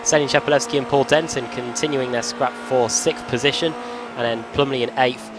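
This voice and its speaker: A man calls a sim race play-by-play, running briskly through the order of the field. His voice sits at an ordinary middle pitch. Race car engines are clearly heard behind him. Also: fairly even intonation, noisy background. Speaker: lead race commentator. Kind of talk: play-by-play sim racing commentary.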